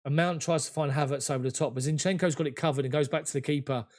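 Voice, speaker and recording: A fairly high-voiced man commentating on a football match from his home. He talks quickly and emotionally in a chatty fan's play-by-play. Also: steady tone, a little mellow. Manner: rapid, emotional, conversational play-by-play. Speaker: fan commentator.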